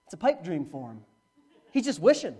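A middle-aged male pastor preaching a sermon, with dramatic swings from hushed to loud. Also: a little fast, husky. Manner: animated preaching with dramatic swings in pitch and volume. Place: church, live-streamed.

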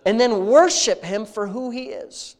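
A man's voice: sits high, a little slow. Earnest man leading a heartfelt spoken prayer. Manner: earnest, heartfelt, repetitive praise phrases; conversational, intimate tone. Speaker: prayer leader.

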